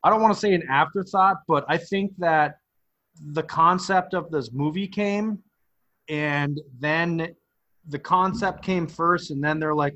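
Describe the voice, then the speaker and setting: A man's voice: fairly high pitch, unhurried, bright, forceful tone, highs cut off. A man co-hosting a podcast, chatting about a movie in a hesitant way, often starting over mid-sentence. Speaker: podcast co-host. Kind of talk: casual movie review chat.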